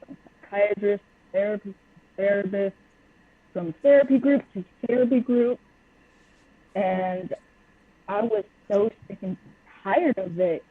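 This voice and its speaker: Young woman guest, husky and frank, heard over a tinny phone-like line. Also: medium pitch, a little slow, long pauses, dry recording. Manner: blunt and open. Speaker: podcast guest. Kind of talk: candid personal interview.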